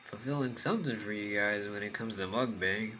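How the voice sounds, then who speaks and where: A man's voice: lowish voice, fairly quick, sharp tone, slight background noise, low-quality recording. A young man, chatting casually to the camera while he eats, rambling and talking with food in his mouth. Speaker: mukbang vlogger.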